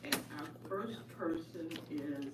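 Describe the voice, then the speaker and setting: A woman's voice: low voice, slow. A woman chairing a commission meeting, joking and openly emotional as she calls up the next public speaker. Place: meeting room. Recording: roomy meeting hall, voice from far off.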